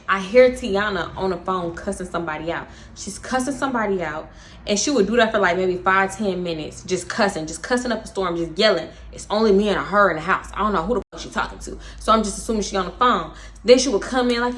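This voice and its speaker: A young woman vlogger casually telling a storytime, animated and slangy, swearing and laughing as she goes. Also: medium pitch.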